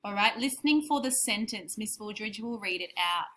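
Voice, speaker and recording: A woman co-teaching a recorded spelling lesson for young children, clearly explaining and sounding out words. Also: mid-range voice, lively intonation, moderate pace, sharp tone, a little hiss or hum. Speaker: primary school teacher.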